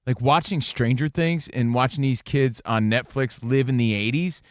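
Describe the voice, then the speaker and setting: A man's voice: mid-range voice, moderate pace, no room sound. Middle-aged male co-host, playful riffer, dry close mic. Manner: playful, riffing banter. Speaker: sports show co-host. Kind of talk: casual sports talk.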